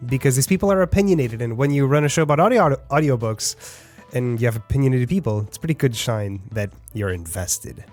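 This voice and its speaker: A man's voice: mid-range voice, a little mellow, dry recording. Male podcast host, chatty and upbeat, dry close-mic sound. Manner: upbeat, chatty, laughs often. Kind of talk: casual interview hosting.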